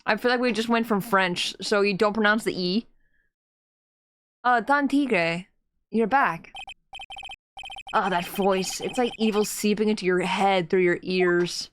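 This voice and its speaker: A woman's voice: medium pitch, steady tone, moderate pace, few pauses, a little hiss or hum. A young woman streamer chatting casually and giggling as she plays a game and reads chat aloud.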